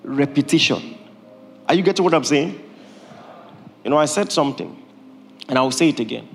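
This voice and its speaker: A man, preaching a sermon as pastor in a humorous, animated way, laughing often. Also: on the high side, fairly quick, creaky, soft background music. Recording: long reverb of a hall, faint ambience.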